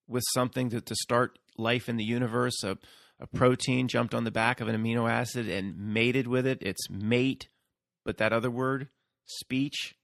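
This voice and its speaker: A man's voice: lowish voice, vocal fry, no room sound, clean studio sound. A man hosting his own channel, talking casually in a rambling solo monologue full of restarts and fillers. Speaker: YouTube channel host.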